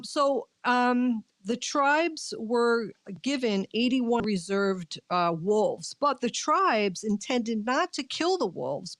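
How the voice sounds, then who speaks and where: A woman's voice: mid-range voice, no echo. A woman with a New York accent co-hosting a radio show, reading a news article aloud with frequent fillers and indignant asides. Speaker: radio co-host. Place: radio studio.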